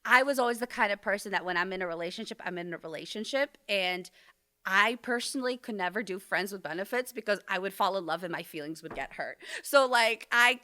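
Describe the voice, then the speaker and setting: A woman's voice: mid-range voice, a little fast, bright, forceful tone. A young woman guest on a podcast, explaining astrology in casual, slangy chat full of fillers. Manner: chatty, slangy, many fillers.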